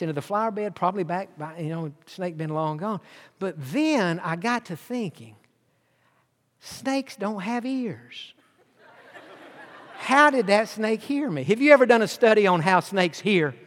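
Folksy preacher, high voice, echoing hall. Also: male voice, fairly bright tone. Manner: folksy storytelling with humor and rising emphasis. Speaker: pastor. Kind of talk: sermon. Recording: long hall reverb.

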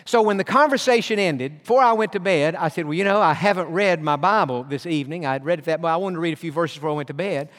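A man preaches in an earnest, storytelling way, drawing out the words of scripture for weight. His voice sits high for a man. It rings with the long reverb of a church hall. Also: fast talker, hardly any pauses, a bit bright. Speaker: pastor. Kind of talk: sermon.

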